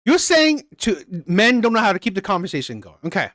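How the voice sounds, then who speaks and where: A man's voice: high-pitched, wildly swooping pitch, fairly quick, a bit bright, no room sound. A man hosting a reaction channel, ranting with heavy profanity and repeating himself. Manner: profane, heated, repetitive.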